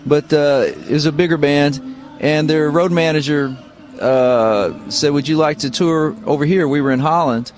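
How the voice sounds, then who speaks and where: A middle-aged man, speaking in a slightly raised pitch. He tells loose, easygoing stories with many fillers and pauses. He sounds like a musician being interviewed on the radio. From Missouri, United States. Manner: relaxed, rambling anecdotes with many fillers. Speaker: guest musician, guitarist. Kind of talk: casual interview storytelling. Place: radio studio.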